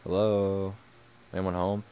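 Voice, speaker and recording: A young man talks over his own football video game as he plays it, with a low voice. He mutters sarcastic remarks and curses in frustration at his opponent. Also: flat delivery, takes it slowly, mellow, a little hiss or hum. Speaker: gaming streamer. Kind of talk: live game commentary.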